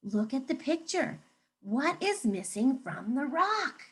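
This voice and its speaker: A woman teacher with a high voice reads a picture book aloud to children, animated and coaxing, pausing to ask them questions.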